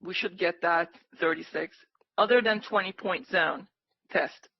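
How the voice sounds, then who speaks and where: Excitable woman cheering on a live trade. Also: fairly low pitch, measured pace, vocal fry, dry recording, dull audio. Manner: excitable, cheering the market on, pleading. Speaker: day-trading livestream host. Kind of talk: live trading commentary.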